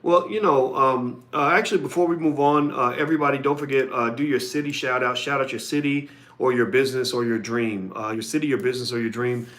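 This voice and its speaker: A man's voice: medium pitch, steady tone, brisk, few pauses, a bit bright. A man hosting a live podcast, talking conversationally and reading out viewer comments. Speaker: podcast host.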